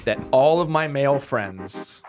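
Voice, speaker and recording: Joking guy hosting a podcast, lively up and down voice, faint music behind. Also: medium pitch, measured pace. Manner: playful, joking. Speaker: podcast host. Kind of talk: casual chat.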